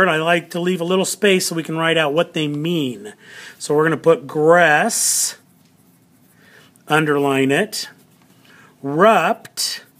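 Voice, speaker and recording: A man's voice: fairly high pitch, a bit bright. A man teaching a classroom lesson on video, patient and explaining step by step, repeating key words for emphasis.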